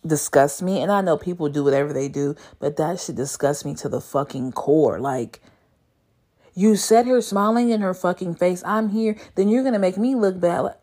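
Young woman ranting on her vlog, cussing a lot, voice jumping all over when she can't believe it. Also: moderate pace. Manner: animated, profane, exasperated storytelling with sudden high squeals of disbelief. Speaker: vlogger. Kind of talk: casual storytelling rant.

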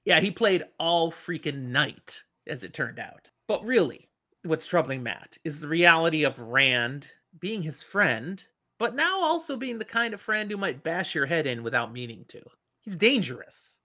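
A middle-aged man recapping a story with plenty of energy, dipping in and out of the characters' voices. His tone is bright and his pitch moves a lot. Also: measured pace. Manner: animated retelling, acting out the characters. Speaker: podcast host. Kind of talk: casual book discussion.

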